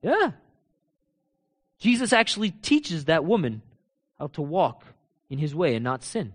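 High-voiced man preaching an animated sermon. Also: measured pace. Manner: animated, rhetorical questions, swings between loud proclaiming and low quiet emphasis; laughs and talks casually to the congregation.

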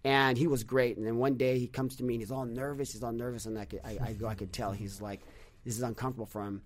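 A man talking on a podcast in a mid-range voice. He tells stories in a lively, animated way, repeats himself and restarts sentences, and acts out other people's words. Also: medium pitch, fast. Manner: animated storyteller with many restarts, acts out quotes. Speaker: podcast guest, business leader. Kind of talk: casual conversational storytelling.

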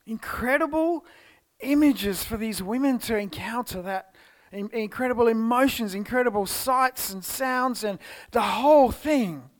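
A man with an Australian accent preaching a church sermon, telling the story expressively and moving between loud exclamations and hushed tones. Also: very high-pitched, measured pace. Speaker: pastor. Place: church service.

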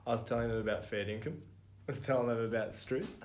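A woman's voice: a bass voice, fast talker, a little mellow. An Australian woman co-hosting a podcast, telling stories in casual chat with frequent laughter. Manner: laughs often, rambling storytelling. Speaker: podcast co-host.

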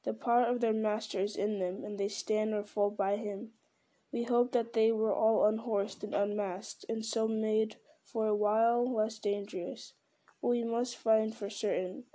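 A woman's voice: on the high side, level tone, unhurried, dark tone, natural voice. A woman reading a stern old wizard.

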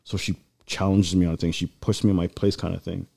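A man with a fairly low voice tells a personal story in a relaxed conversation. He rambles, restarts his sentences and leans on fillers as he goes. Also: brisk, creaky, slightly rough. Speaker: guest. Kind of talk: casual chat.

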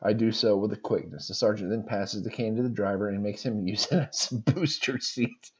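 A man's voice: lowish voice, a little fast, slightly rough, highs cut off. A man hosting a podcast, reading funny stories aloud and reacting with laughs between them.

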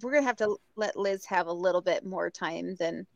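A woman's voice: lowish voice, fairly quick, creaky, muffled recording, a crowd in the background. A woman co-hosting a podcast over a video call, cheerful and encouraging toward her guest. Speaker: podcast co-host. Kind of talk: casual chat.

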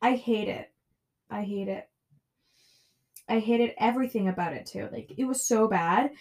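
A woman's voice: mid-range voice, moderate pace, a little mellow. A young woman hosting her own podcast, chatting casually and ranting with frequent swearing and "like" fillers. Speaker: podcast host. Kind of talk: casual solo podcast chat.

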